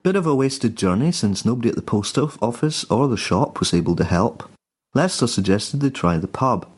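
A man reading a dark comic story in a dry, deadpan way. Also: medium pitch, moderate pace, slightly rough. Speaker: narrator.

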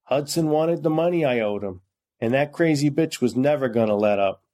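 A man's voice: mid-range voice, animated, moderate pace, dark tone, lightly acted. A man voicing a wounded, dying male debtor who squeezes his words out in a strained, apologetic way. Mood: rueful.

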